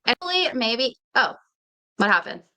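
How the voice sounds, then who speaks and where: A woman hosting a podcast, her voice bright and slightly high. She reacts in a blunt, emphatic way and swears freely in casual chat. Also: sing-song, moderate pace. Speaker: podcast host.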